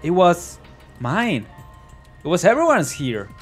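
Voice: medium pitch, wildly swooping pitch, slow pace, faint music behind. A let's play host commenting on a story game, joking and laughing as they go, also reading the game's narration aloud. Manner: joking, laughs mid-sentence.

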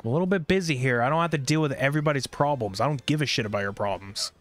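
A man's voice: mid-range voice, very fast, faint music behind. Irritable, cursing male game streamer. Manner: irritable, profane, rambling. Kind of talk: casual gameplay streaming commentary.

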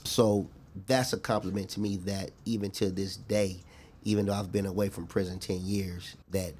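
A middle-aged man talking earnestly as a guest in a casual interview, reflective and quick to laugh. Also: deep voice, flat delivery, darkish tone, slight background noise.

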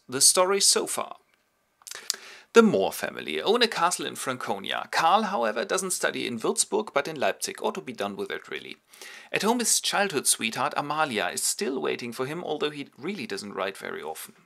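A man's voice: medium pitch, gravelly, bright, forceful tone. A man narrating a comic summary of a classic play, with wry ironic asides. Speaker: host and narrator.

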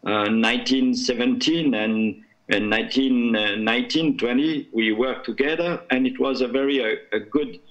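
A man from France with a French accent, speaking as a conference panelist in halting English, searching for words. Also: mid-range voice, fairly bright tone, highs cut off. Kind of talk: panel discussion remarks.

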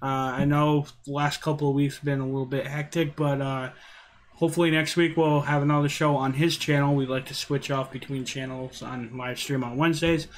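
A man's voice: medium pitch, little pitch movement, fairly quick. A man hosting a casual live stream, laid-back and reassuring as he chats with his guest.

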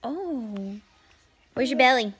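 A woman's voice: a little high, animated, takes it slowly, noisy background. A young mother, playfully coaxing her toddler to say words in a casual home vlog. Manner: sing-song baby talk, playful and coaxing. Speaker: vlogger, mother.

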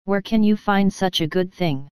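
A woman voicing a shrewd young male lord who talks in a measured, bargaining way. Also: medium pitch, a little mellow, clear, resonant tone, dry recording, close to an everyday voice.

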